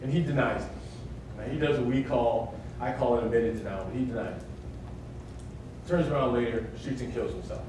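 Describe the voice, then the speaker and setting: A man's voice: medium pitch, fairly quick, background noise. A man giving a live security workshop, emphatic and often asking his audience questions. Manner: emphatic, keeps checking in with "right?". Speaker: workshop speaker on workplace security. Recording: echoey hall, mic far off.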